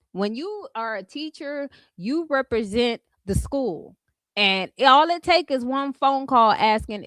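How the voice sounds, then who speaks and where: A woman hosting a casual reaction commentary, sassy and animated, laughing often and mimicking others. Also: high voice, moderate pace, dry recording. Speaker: commentary channel host.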